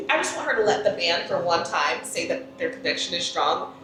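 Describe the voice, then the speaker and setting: Woman, podcast co-host, opinionated, lively voice, off-mic, echoey room, faint background noise. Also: a little fast, recorded from a distance. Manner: animated, opinionated, jumps into high exaggerated voices. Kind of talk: casual chat recapping a reality show.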